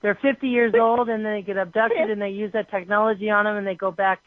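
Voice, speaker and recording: A woman hosts a call-in chat over the phone, gasping into excited exclamations and rambling through her questions. The line is thin and tinny, with a dry, close sound and no room around her. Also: medium pitch, a little fast, dry recording. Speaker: host of a call-in show.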